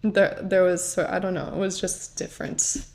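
A woman's voice: lowish voice, little pitch movement, moderate pace, a little mellow, slight background noise. A young woman from the United States, a guest on a podcast, chatting casually with lots of "like" and self-corrections. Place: pub.

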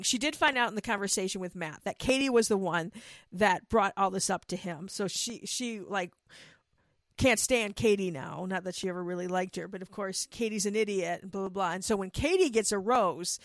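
A woman's voice: medium pitch, no echo. A woman recapping a reality dating show in a casual, gossipy way, often laughing and acting out what people said. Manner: animated, gossipy, laughs often, acts out quotes.

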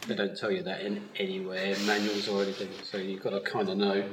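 A man's voice: sits low, completely flat delivery, fast talker. A man who owns a wool mill, explaining his work with an easygoing manner and frequent laughs in a live podcast interview. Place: live at a yarn festival. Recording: roomy live festival recording, faint noise.

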